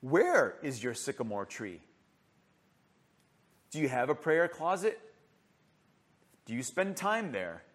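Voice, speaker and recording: A male preacher with a high voice delivers a passionate sermon full of rhetorical questions, moving between loud passages and hushed ones.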